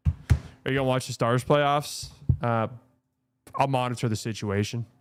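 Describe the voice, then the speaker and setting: A man's voice: mid-range voice, measured pace, a little hiss or hum. A young man hosting a live stream watch party, chatting and joking casually with viewers.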